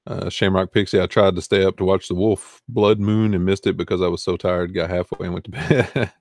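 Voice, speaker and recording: A man's voice: deep voice, steady tone, brisk, a little mellow, no room sound, clean studio sound. A man with a Southern US accent hosting a casual livestream, rambling and answering chat comments. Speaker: eBay reseller hosting a livestream.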